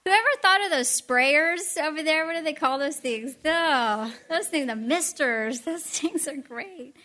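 A middle-aged woman giving a storytelling sermon with chatty, animated asides. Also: high voice, unhurried. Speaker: speaker at a Christian event.

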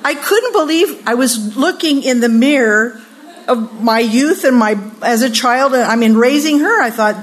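An older woman preaching to a retreat crowd, her voice sitting a little high. She tells stories with lively energy and slips into the voices of the people in them. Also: unhurried. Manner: lively storytelling, acting out quoted voices. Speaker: retreat speaker. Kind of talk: sermon.

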